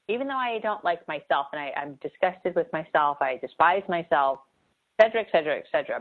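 A woman's voice: on the low side, quick pace. A woman giving an earnest, emphatic motivational talk on manifesting, repeating key phrases for emphasis. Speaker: spiritual coach. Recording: tinny phone-like sound.

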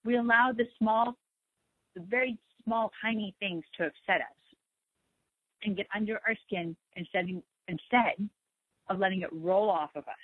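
A woman's voice: medium pitch, moderate pace, no echo. Soothing woman host on a phone line. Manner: gentle, repetitive, reassuring. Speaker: spiritual talk show host. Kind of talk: slow soothing talk on meditation and letting go.

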